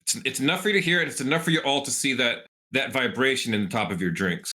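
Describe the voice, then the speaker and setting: A man's voice: mid-range voice, fast. A man narrating scenes as the game master of a tabletop role-playing game. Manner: descriptive, relaxed narration.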